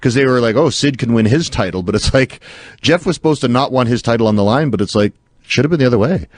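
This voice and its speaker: A male podcast co-host in casual chat, throwing in quick jokes. His voice sits mid-range and sounds dry and close to the mic, with no room echo. His manner stays light and wisecracking. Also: mid-range voice. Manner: quick, joking asides.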